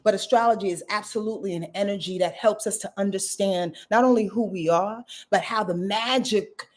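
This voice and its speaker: A woman's voice: medium pitch, fairly quick, darkish tone. A woman astrologer giving a live reading, emphatic and talking straight to her viewers, repeating phrases and laughing at her own jokes, with features.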